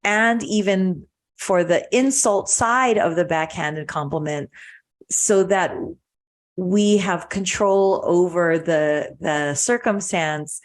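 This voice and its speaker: A woman hosting a podcast, calmly explaining ideas in a reflective conversation. She often restarts and repeats words as she thinks aloud. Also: fairly low pitch, takes it slowly. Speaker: podcast host.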